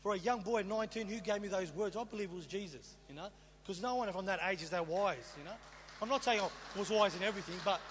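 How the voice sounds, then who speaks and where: A man's voice: high voice, quick pace. A middle-aged man sharing his testimony as a sermon to a congregation, telling his story with rhetorical questions. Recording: reverberant hall with faint hum.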